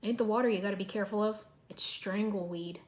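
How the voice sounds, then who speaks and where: A woman voicing a gruff male dock foreman with a folksy drawl. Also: medium pitch, quick pace, lightly acted.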